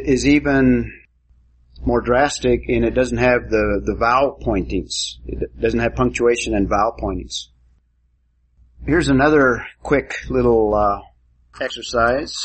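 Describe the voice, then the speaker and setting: A man's voice: medium pitch, slight background noise, rough recording. A man teaching a class, giving a lecture and quizzing students with questions.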